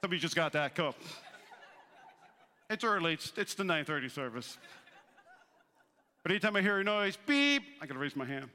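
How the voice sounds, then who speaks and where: A man in his thirties preaching a sermon as pastor, animated and joking, acting out the voices he quotes. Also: fairly high pitch, a little fast, pauses often. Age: 30s. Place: church auditorium. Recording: long reverb of a large hall.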